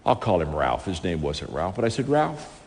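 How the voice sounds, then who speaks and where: A man's voice: sits low, sing-song, a little fast, darkish tone, slight background noise. A man telling a story from the stage in a sermon, acting out the dialogue with lots of animation. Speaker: speaker. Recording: reverberant hall, faint ambience.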